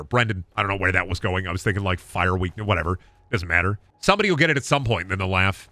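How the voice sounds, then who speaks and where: A man's voice: sits low, animated, very fast, pushed and bright, no room sound. A man who is a gaming streamer, riffing through absurd comedic stories on stream with frequent swearing. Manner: absurd, self-aware storytelling, swearing.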